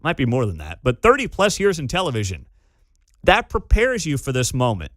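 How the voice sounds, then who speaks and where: Opinionated morning radio host, animated delivery, close dry booth sound. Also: male voice, medium pitch, dry recording. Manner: animated, opinionated, quick laughs. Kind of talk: morning talk radio commentary. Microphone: studio microphone.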